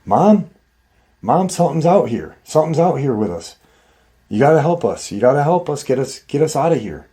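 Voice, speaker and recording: A man's voice: a little high, big pitch swings, moderate pace, warm tone, pitched above the performer's own voice. Man doing a terrified young boy. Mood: panicked pleading. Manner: pleading, panicked. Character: frightened young boy calling for help.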